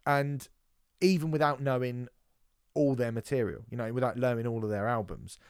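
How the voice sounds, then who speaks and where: A man co-hosting a casual music podcast, talking in animated, sweary bursts with many restarts. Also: mid-range voice, moderate pace, clear, resonant tone, no echo, studio quality. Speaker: podcast co-host. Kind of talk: casual music review chat.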